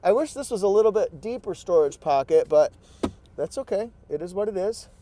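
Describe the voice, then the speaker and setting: Man, high-ish voice, playful and excitable car reviewer talking from inside a truck cab. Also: a little fast, a little hiss or hum. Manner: excitable, playful, exclaims and repeats phrases. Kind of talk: casual product walkaround. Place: inside a pickup truck cabin.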